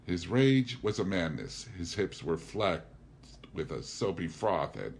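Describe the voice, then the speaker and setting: A man reading a classic novel aloud as narrator, in a measured, deliberate way. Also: low voice, slight background noise. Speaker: audiobook reader.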